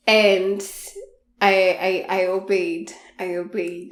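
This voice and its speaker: Woman podcast host, frank and leisurely storyteller, slow delivery, echoey room sound. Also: on the low side, little pitch movement. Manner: frank, unhurried, with soft laughs. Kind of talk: candid storytelling monologue. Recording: roomy echo.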